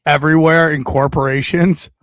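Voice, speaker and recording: A man's voice: on the high side, fairly even intonation, normal speed, fairly bright tone, no echo. Man, comedy podcast host, casual riffing, dry close sound. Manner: joking, riffing, bursts into goofy put-on voices.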